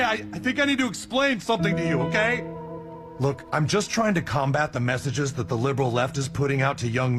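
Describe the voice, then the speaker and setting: A man voicing a loud, boastful male cartoon tough guy with a put-on Italian-American gangster accent. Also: extremely high pitch, heavily acted. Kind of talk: animated TV cartoon acting.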